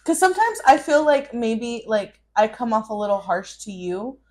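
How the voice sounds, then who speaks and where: High-voiced woman chiming in with jokes. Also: very animated, darkish tone. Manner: quick backchannels and joking asides. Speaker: podcast co-host. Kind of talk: casual chat.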